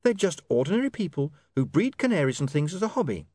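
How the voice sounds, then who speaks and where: A man voicing a sharp, indignant young working woman who lectures in a heated, snappy way. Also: fairly high pitch, sing-song, fast talker, no room sound, clean studio sound, voice pushed up.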